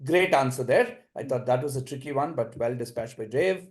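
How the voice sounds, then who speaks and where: A measured male quizmaster reads out long trivia questions at a mid pitch, then offers steady, encouraging recaps of the answers. He speaks over what sounds like a video-call mic. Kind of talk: reading quiz questions and commentary.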